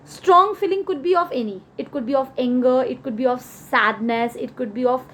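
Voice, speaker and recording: A high-pitched woman with an Indian English accent, teaching grammar over slides. She explains each example slowly and repeats key words as she goes. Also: a bit bright, slight background noise.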